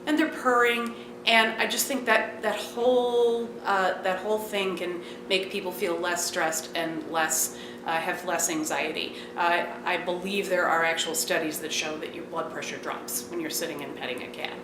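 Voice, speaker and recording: A woman's voice: on the low side, fairly even intonation, normal speed. A woman explaining cat care in a documentary interview, earnest and explanatory with a few fillers. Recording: echoey room with background noise.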